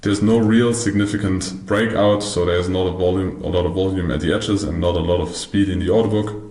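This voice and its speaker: A man's voice: deep voice, steady tone, a little fast, a little mellow, echoey room. A man teaching a recorded trading course over slides, methodical and prone to restarting his words. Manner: methodical, restarts and corrects himself. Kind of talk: explaining slides in a recorded lesson.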